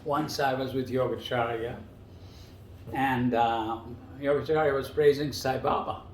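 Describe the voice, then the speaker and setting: A man casually telling personal stories as a guest, animated and climbing much higher in pitch when he quotes other people. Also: unhurried, a little hiss or hum. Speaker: guest storyteller. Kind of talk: casual spoken storytelling. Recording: roomy echo.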